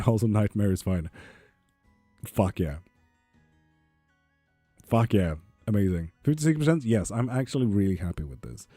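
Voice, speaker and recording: A man's voice: low-pitched, dark tone, no room sound. A man chatting casually on a live tarot stream, reading viewers' comments aloud and swearing freely. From Sweden.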